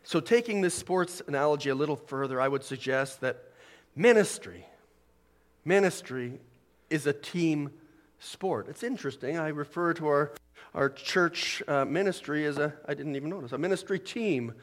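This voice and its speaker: A man's voice: fairly high pitch, normal speed, in a large hall. A man preaching a sermon as pastor, building to emphatic peaks. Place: church sanctuary.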